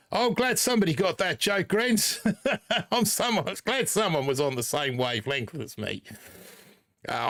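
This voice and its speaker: A man's voice: a little high, a bit bright, no echo, clean studio sound. A man hosting a casual live stream in a put-on Australian accent, rambling and joking as he reads out chat names. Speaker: livestream host.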